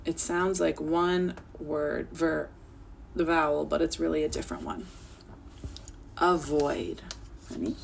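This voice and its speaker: Teaching children from home over a video call, this woman has a low voice with vocal fry and a faint hiss or hum behind her. Her intonation stays fairly even as she moves at a slow pace, pausing often. Patient and encouraging, she sounds out each word and spells it letter by letter in a clear lesson.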